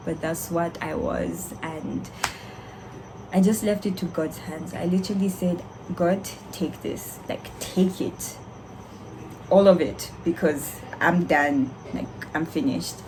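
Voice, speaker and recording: A young woman, a doctor, telling a candid, animated story to her vlog viewers with frequent laughter. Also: fairly low pitch, a little hiss or hum, rough recording. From Zambia.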